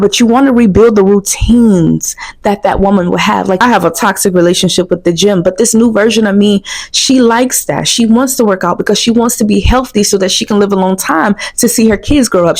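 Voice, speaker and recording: A woman's voice: medium pitch, darkish tone. Woman, young adult, motivational coach, earnest, encouraging, repetitive phrasing. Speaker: self-trust coach. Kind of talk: motivational talk to camera.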